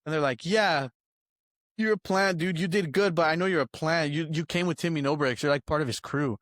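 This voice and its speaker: A man's voice: a little high, fairly quick, fairly bright tone, no room sound. A young man co-hosting a podcast, rambling through a story, laughing often and acting out quoted lines. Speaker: podcast co-host. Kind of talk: casual storytelling chat.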